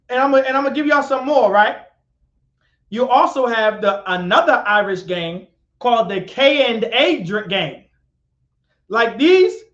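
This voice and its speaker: A man's voice: very high-pitched, fairly bright tone. A man teaching a live-streamed class lecture, repeating himself and putting questions to his listeners. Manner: repetitive, questions the audience and calls on them. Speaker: class instructor. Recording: echoey, dull lo-fi sound.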